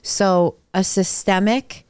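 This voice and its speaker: A woman's voice: medium pitch, fairly even intonation, takes it slowly, a little mellow, clear, resonant tone, no room sound. A woman hosting a podcast, who affirms what her guest says and recaps the points in plain words. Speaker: podcast host. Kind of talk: casual chat.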